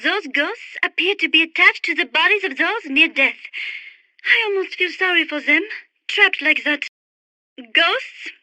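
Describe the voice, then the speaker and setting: Gentle French bird lover, high bright voice, dry game-radio read. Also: female voice, animated, a little slow, no room sound, heavily acted. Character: refined young French woman birdwatcher, gentle and dreamy. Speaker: radio support character.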